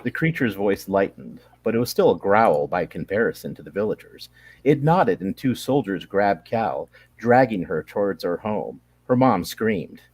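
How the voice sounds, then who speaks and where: Brief: male author, lowish voice, halting explainer turned story narrator. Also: big pitch swings, darkish tone, husky. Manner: hesitant with fillers when explaining. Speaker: author reading his story. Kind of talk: casual setup then read-aloud narration.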